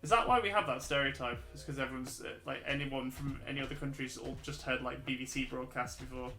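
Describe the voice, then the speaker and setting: A man's voice: mid-range voice, fast talker, bright, forceful tone. A British man with a mixed Midlands and Scouse accent, chatting loosely and laughing easily while drawing on a stream. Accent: mixed English, Midlands and Scouse. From Britain. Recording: roomy echo, faint music.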